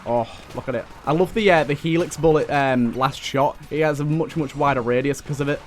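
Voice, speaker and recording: A young man giving excitable running commentary while playing a video game, talking back to enemies on screen. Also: fairly high pitch, a little fast, slight background noise. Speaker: let's play host. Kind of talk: gameplay commentary. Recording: faint game music behind.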